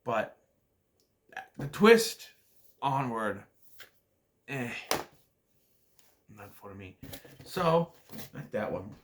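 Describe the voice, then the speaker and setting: A man's voice: fairly low pitch, big pitch swings, slow pace, pauses often. A man casually reviewing a movie for his vlog, rambling with many restarts and acting out scenes. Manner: rambling, hesitant, many restarts and acted-out quotes.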